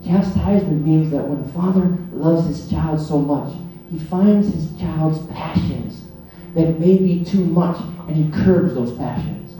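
A middle-aged man preaching a sermon, swinging between hushed passages and loud, excited ones. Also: on the high side, measured pace, faint music behind. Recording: very echoey hall, mic at a distance.

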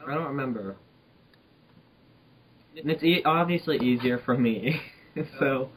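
A man's voice: medium pitch, a little slow, slight background noise, poor audio. Joking young man on a casual podcast. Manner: joking, laughs often, many fillers. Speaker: podcast co-host. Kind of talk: casual chat.

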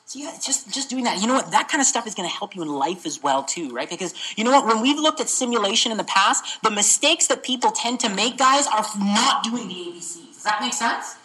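An energetic woman tutoring for a medical exam, keeps asking the class whether they follow. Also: on the high side, brisk, hardly any pauses, rough recording. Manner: energetic, keeps checking understanding. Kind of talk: interactive teaching session.

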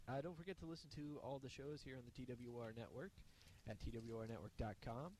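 A man talks through his podcast's weekly plugs in a loose, rambling way, peppered with uhs and ums. His voice sits at an ordinary middle pitch. A faint hiss runs under the recording. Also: fast talker, a little mellow. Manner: rambling, filler-heavy delivery. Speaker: podcast co-host. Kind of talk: casual podcast chat.

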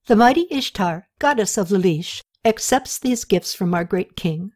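A woman's voice: mid-range voice, expressive, normal speed, darkish tone, close to an everyday voice. A woman reading the lines of a stately male temple official in an audiobook. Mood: courtly.

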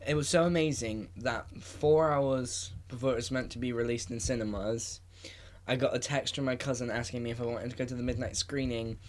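A man's voice: mid-range voice, fairly even intonation, fairly quick. A young man co-hosting a casual film podcast, chiming in with teasing asides.

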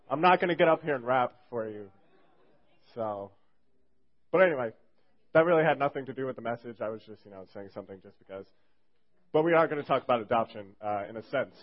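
A young man giving a casual youth sermon as a fill-in speaker, rambling and joking with lots of fillers. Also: medium pitch. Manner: rambling and jokey, heavy on fillers. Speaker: youth group speaker filling in. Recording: dull lo-fi recording.

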